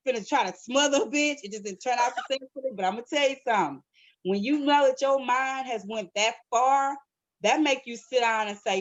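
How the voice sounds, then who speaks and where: Woman co-host, higher pitch, blunt foul-mouthed storyteller, dry close sound. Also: fairly quick, no echo. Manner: blunt, profane, animated storytelling. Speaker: podcast co-host. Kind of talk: casual chat.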